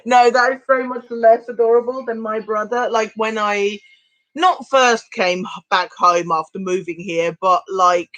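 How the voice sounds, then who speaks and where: A woman from Switzerland co-hosting a live stream in casual chat, talking quickly with lots of fillers. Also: a little high, a bit bright, no echo, low-quality recording.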